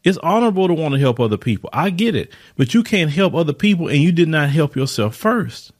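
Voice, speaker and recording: Male podcast host, slightly high voice, emphatic and repetitive opinion delivery. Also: big pitch swings, brisk. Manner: emphatic, repeats words for stress, asks rhetorical questions. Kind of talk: opinion monologue.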